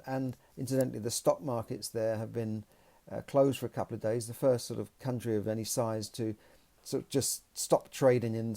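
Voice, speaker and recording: Mellow-voiced man hosting a podcast. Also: mid-range voice, creaky. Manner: opinionated, rambling. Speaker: podcast host. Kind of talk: solo podcast commentary.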